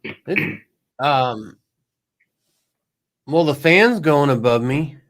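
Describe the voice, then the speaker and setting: A man's voice: a little high, lively intonation, drawn-out words, a bit bright. A man from Northern Illinois with a Midwestern American accent, a guest on a casual chat, talking in a sheepish, self-deprecating way. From Northern Illinois, USA.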